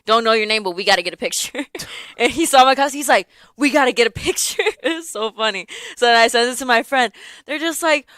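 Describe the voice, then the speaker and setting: A woman's voice: on the high side, fairly quick, no room sound. A young woman hosting a casual morning radio chat from a studio, telling stories with frequent giggles. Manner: giggly, lively storyteller. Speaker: radio show host. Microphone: studio microphone.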